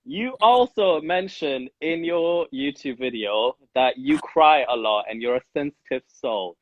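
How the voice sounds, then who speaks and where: A man hosting a casual interview, asking teasing questions in a playful, excitable way. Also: on the high side, unhurried, no room sound, muffled recording. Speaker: podcast host.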